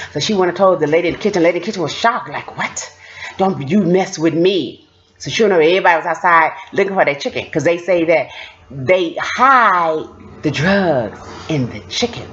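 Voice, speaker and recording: A woman with a lowish voice that swings widely up and down tells stories in a loose, chatty vlog. She laughs often and acts out the people in her stories. The sound is dull and lo-fi. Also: fairly bright tone. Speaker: vlogger recounting prison experience. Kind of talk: casual storytelling.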